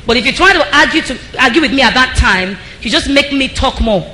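Woman preacher, really high sharp voice, lively and laughing, echoey church hall. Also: a little fast, a little hiss or hum. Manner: lively, laughing, calls out to the crowd. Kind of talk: sermon on marriage.

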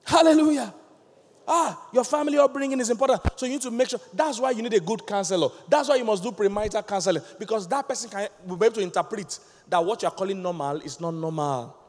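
A pastor with a Nigerian accent preaches a sermon, his delivery lively and emphatic as he fires questions at the congregation. His voice is high-pitched and quick. The sound carries the feel of a big room.

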